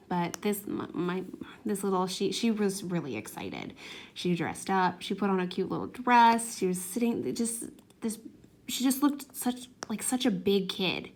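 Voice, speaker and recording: A woman's voice: medium pitch, unhurried. Chatty woman telling a family story. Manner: chatty, animated retelling with voiced quotes. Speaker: craft vlogger. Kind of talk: casual storytelling while crafting.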